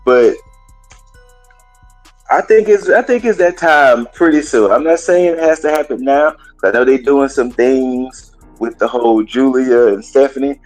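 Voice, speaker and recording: A man hosting a gaming and wrestling podcast, casually recapping a show in a colloquial, chatty way and pausing now and then to cough. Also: medium pitch, darkish tone, faint music behind, poor audio.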